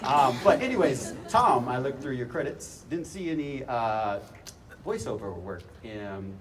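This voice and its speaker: A man's voice: medium pitch, lively intonation, a little slow. A man in the audience asking a convention panel a question, hesitant and full of fillers. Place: large convention hall. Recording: distant convention hall recording. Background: loud crowd and noise.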